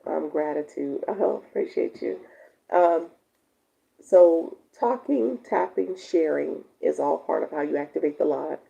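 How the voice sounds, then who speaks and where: Woman live-stream coach with a low, very dark, gravelly voice; chatty, laughs a lot, reads viewer comments aloud; dull lo-fi audio.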